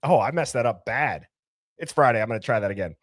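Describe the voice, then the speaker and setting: A man hosting a casual live stream, reading out viewer names and comments with loud greetings and laughs. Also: mid-range voice, expressive, fast talker, no room sound, studio quality. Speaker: livestream host.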